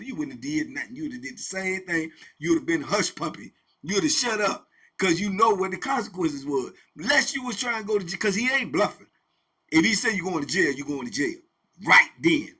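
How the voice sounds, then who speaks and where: An animated man telling a story, his voice high, bright and husky. He talks casually in slang and repeats his lines for emphasis. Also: normal speed. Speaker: host and storyteller.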